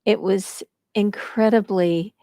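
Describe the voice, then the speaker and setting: An American woman telling a personal story at a devotional gathering, slow and reflective, with light laughter. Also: medium pitch, fairly even intonation, mellow, no room sound. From United States.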